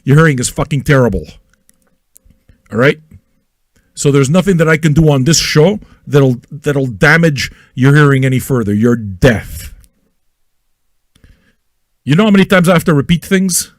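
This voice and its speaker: A man hosting an independent online radio show, ranting crudely and loudly at his listeners and repeating himself as he goes. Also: on the high side, normal speed, long pauses, no room sound, studio quality. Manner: loud, manic and crude, with yelling and repetition; talks straight at listeners with repeated questions. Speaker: internet radio host. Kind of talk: profane ranting monologue.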